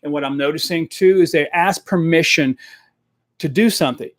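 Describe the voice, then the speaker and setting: A man coaching salespeople with direct, energetic drive, hammering his points home by repeating them. His voice sits a little high for a man. It is recorded close and dry on a desk microphone, with no room sound. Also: moderate pace, no room sound. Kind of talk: live-streamed coaching talk.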